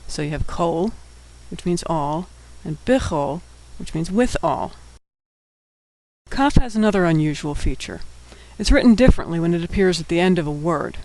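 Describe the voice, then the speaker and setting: A man's voice: a little high, animated, normal speed, a little mellow, rough recording. A man teaching a Hebrew alphabet lesson, patiently sounding out words syllable by syllable.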